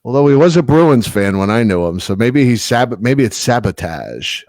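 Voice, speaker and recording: A man's voice: medium pitch, sing-song, moderate pace, darkish tone, no room sound. A man with a New York accent, co-hosting a casual sports podcast and ranting sarcastically. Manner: sarcastic ranting, laughs often. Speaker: podcast co-host.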